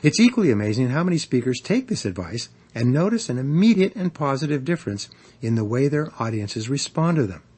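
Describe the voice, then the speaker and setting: A husky man narrates an audiobook on persuasion and public speaking. His delivery is measured and instructive, and his pitch rises and falls in a lively way. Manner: measured, instructive, varies emphasis for examples. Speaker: author narrating a speaking guide.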